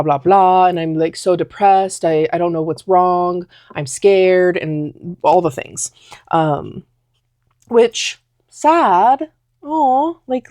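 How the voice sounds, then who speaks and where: A woman's voice: fairly low pitch, dark tone, no echo, clean studio sound. A young woman telling a personal story in a casual talking vlog, rambling with lots of fillers. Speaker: vlogger.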